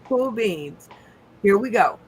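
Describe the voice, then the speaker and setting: A woman's voice: medium pitch, animated, slow pace, background noise. A woman hosting an online comedy game show, upbeat, giving the players instructions with plenty of fillers.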